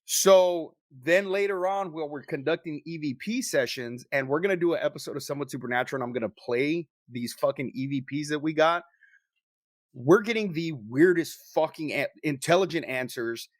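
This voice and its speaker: A man co-hosting a podcast, telling a story in casual chat with lots of swearing and animated delivery. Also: a little high, brisk, dry recording, clean studio sound. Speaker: podcast co-host.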